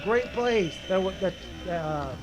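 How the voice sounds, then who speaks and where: A man's voice: high voice, animated, slow, over music. A man giving an exasperated, emphatic commentary on footage of his own basketball game, repeating himself often. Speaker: amateur basketball player reviewing his game. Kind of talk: video breakdown commentary.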